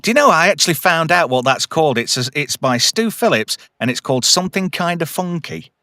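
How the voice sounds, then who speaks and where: A man's voice: on the high side, lively intonation, brisk, bright, forceful tone, no echo, studio quality. A man hosting a casual film review chat, animatedly retelling scenes and humming theme tunes. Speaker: podcast host.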